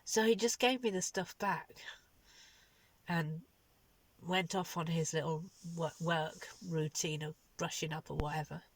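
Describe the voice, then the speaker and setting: A woman in her sixties telling a story from her workday as a vlogger, lively and exasperated, laughing at herself. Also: low-pitched, measured pace. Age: 60s. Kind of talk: casual spoken diary.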